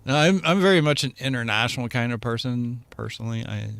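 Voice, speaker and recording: A man's voice: mid-range voice, animated, fast talker, gravelly, fairly bright tone, clear, resonant tone, no room sound. A man chatting casually while playing a game, joking and rambling. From United States. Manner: joking, rambling, frequent laughs. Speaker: gamer co-host. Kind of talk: casual chat while gaming.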